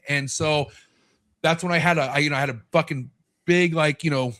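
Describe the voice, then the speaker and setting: A man's voice: on the high side, steady tone, brisk, a bit bright. A man in his thirties talking as a podcast guest in casual chat, candid and swearing freely, acting out what people said to him.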